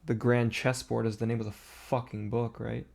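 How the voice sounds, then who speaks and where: A man's voice: medium pitch, level tone, normal speed, creaky, a little mellow. A man on a podcast livestream talking casually and profanely, stumbling and restarting mid-sentence. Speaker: podcast co-host.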